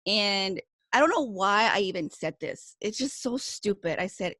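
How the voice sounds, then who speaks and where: A woman's voice: medium pitch, lively intonation, normal speed, sharp tone, dry recording. Woman radio co-host, mid-range voice, rueful confessional tone, dry close studio mic. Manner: sheepish, rueful storytelling. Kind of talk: casual studio chat. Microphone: studio microphone.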